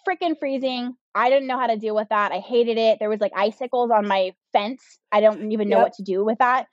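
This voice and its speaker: A woman in her thirties speaks as a podcast guest, sharing her own story in a candid way. She leans on "like" and "um" as she talks, and her voice sits a little high. The recording is dry and slightly dull. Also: a little fast, no echo. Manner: candid, with frequent "like" and "um" fillers. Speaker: podcast guest, business owner. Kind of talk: personal storytelling in an interview.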